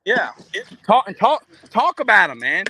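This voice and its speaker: High-voiced man, rambling on a noisy stream. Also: big pitch swings, unhurried. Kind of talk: casual live-stream chat. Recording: noisy background.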